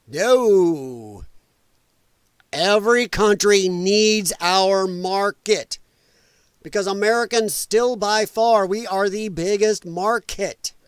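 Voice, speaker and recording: A man's voice: sits high, slow pace, clear, resonant tone, dry recording. A man streaming casual political commentary, profane and combative, who mocks opponents in whiny put-on voices. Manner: profane, combative, sarcastic ranting.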